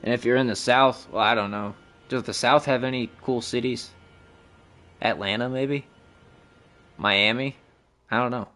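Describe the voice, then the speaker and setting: A man's voice: mid-range voice, fairly even intonation, unhurried, pauses often, bright, forceful tone, faint music behind. A young man from the Midwest chatting casually with his viewers while playing a game live, rambling and cursing freely. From Midwestern United States. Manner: profane, rambling, talks to chat. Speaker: game streamer.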